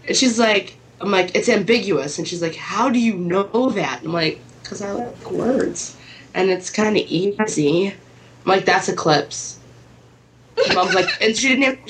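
A woman's voice: mid-range voice, fairly bright tone, rough recording. A woman tells a funny family story in a loose, casual way. She's sick and swears freely, and she slips into her family's lines as she goes.

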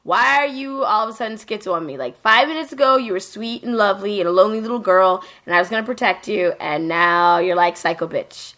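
A woman's voice: mid-range voice, brisk, hardly any pauses, bright, forceful tone, natural voice. A woman voicing an exasperated young man who talks bluntly and swears.

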